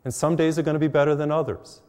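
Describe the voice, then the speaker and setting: A man's voice: fairly high pitch, fairly even intonation, fast talker, a little mellow, long reverb tail. A middle-aged man, a priest, giving a conversational televised sermon full of personal stories, recorded in a church. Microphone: mic while facing cameras.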